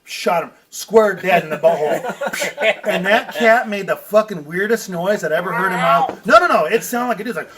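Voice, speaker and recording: A man hosting a podcast, telling a profane, animated story and laughing as he goes. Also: sits high, normal speed, far from the mic, a crowd in the background. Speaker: podcast host. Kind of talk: casual storytelling. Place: outdoor front porch.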